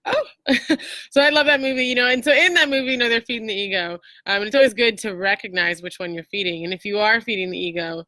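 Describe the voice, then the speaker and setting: A woman's voice: mid-range voice, pushed and bright, dry recording. A woman hosting a casual motivational talk, chatty and full of fillers and restarts. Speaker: host.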